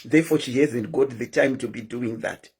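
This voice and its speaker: A woman's voice: extremely low pitch, moderate pace, darkish tone, slightly rough. A woman hosting a live stream, chatting casually and keeps asking her viewers questions.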